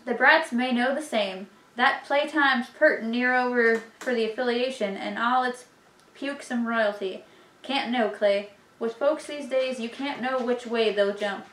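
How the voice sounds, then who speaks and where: A woman's voice: fairly high pitch, unhurried, fairly bright tone, slight background noise. A woman reading aloud the lines of a cautious, scheming old male gang boss, in an echoey room.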